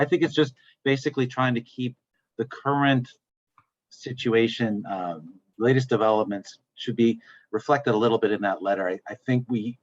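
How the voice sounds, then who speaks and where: A man on a council's video call, talking thoughtfully with frequent restarts. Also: lowish voice. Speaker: council member. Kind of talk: casual virtual meeting talk. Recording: dull lo-fi video call audio.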